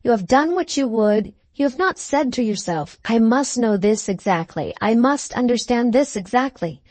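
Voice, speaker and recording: A woman's voice: fairly high pitch, expressive, normal speed, no echo. A woman doing a grave male musician, emphatic, raised voice, dry close sound, storybook. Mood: solemn emphatic. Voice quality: earnest, emphatic, gently grave. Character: earnest foreign male musician, solemn and emphatic.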